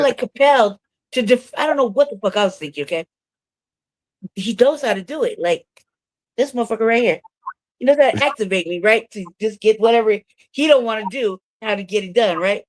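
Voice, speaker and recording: A woman's voice: mid-range voice, animated, brisk, no echo. A woman co-hosting a casual talk show from her own room, telling stories in a profane, laughing way. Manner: profane storyteller, laughs often. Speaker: co-host of a news talk show. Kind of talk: casual chat.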